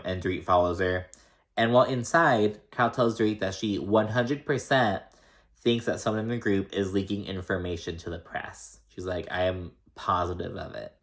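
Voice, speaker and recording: A man's voice: fairly low pitch, a little fast, a bit bright. Profane, opinionated man recapping gossip. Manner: profane, opinionated, mimics quotes in exaggerated voices. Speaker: recap host. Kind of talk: casual reality TV recap.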